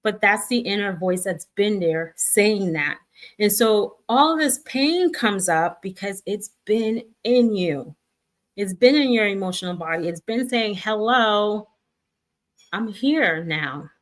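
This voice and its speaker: Speaking unhurriedly in a mid-range voice, a middle-aged woman leads a relaxed spiritual guidance talk. She reassures her viewers warmly and gives voice to what they hear inside their own heads.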